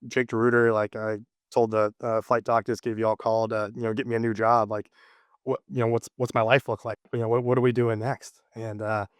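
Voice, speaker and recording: A man's voice: lowish voice, little pitch movement, fairly quick, dry recording. A man in his thirties, the guest in an interview, telling a personal story casually with many fillers and restarts. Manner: rambling, lots of fillers and restarts.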